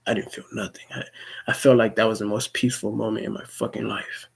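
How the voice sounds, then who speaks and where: A young man with a husky, breathy, lowish voice tells a personal story, rambling casually and swearing freely. He often stumbles over repeated words as he restarts sentences, speaking fast in a level tone.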